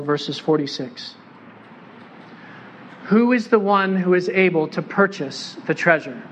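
A man with a high-pitched voice preaching a sermon to a church congregation. He keeps it conversational and light, joking and asking the listeners questions. A faint hiss of room noise runs underneath. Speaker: pastor.

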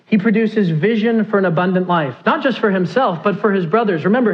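A man's voice: sits high, lively intonation, normal speed, dull audio. A man preaching a sermon, who asks his listeners questions and acts out the pleas he quotes. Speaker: pastor.

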